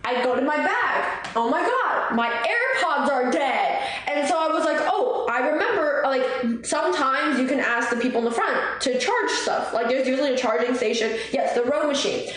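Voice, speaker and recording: A young woman with a high voice chats on a livestream, telling a story with lively swearing and bursts of laughter. Her voice bounces around a very echoey room, with faint noise underneath. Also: normal speed, few pauses. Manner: animated, swearing, laughing, mimics people. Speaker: streamer. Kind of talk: casual storytelling chat.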